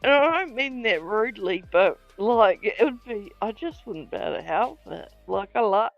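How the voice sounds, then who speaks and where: A woman's voice: mid-range voice, animated, normal speed, creaky. A woman hosting a live stream, chatting casually, giggling often and swearing freely. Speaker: stream host. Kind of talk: casual chat. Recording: dull lo-fi stream audio with faint music.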